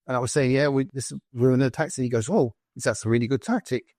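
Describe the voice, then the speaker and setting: A man's voice: mid-range voice, fast talker, dry recording, clean studio sound. British man telling army stories. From Britain. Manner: animated anecdotes with quoted dialogue. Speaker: podcast guest, former soldier. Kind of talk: conversational storytelling.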